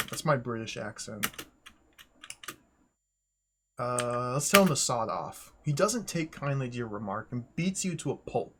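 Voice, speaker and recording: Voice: medium pitch, animated, unhurried, pauses often, background noise. A streamer giving casual let's-play commentary, reading the on-screen game text aloud with wry asides and frequent chuckles. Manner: chuckles often.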